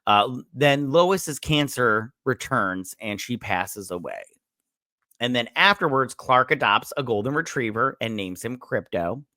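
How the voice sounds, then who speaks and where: Bright, dry-voiced man rambling casually. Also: mid-range voice, expressive, a little slow, no echo. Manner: rambling, filler-heavy, swears, acts out quotes. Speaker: show host reviewing a TV episode. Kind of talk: casual review chat.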